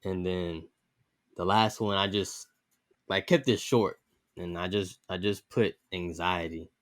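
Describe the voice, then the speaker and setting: A young man, a podcast guest, talking in an earnest, measured way about his own feelings. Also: low voice, fairly even intonation. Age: young adult. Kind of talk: casual interview chat.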